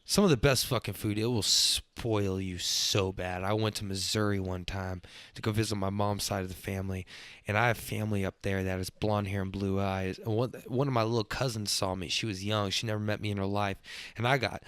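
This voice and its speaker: Profane, excitable podcast host. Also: male voice, on the low side, brisk, dry recording. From Texas. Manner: profane, loose and excitable, swings up when worked up. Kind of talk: casual rambling monologue.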